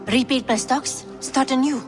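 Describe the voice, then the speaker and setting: A woman's voice: high voice, steady tone, normal speed, big-room sound, soft background music, close to an everyday voice. A woman playing a bold, defiant merchant. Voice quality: bold, forthright. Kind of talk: video game voice acting.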